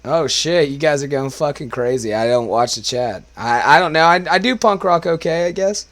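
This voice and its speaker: A young man talking off the cuff to his stream chat, rambling from one thing to the next and swearing freely. His voice sounds bright and forward. It is a little worn from smoking. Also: fairly high pitch, normal speed. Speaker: karaoke streamer. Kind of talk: casual livestream chat.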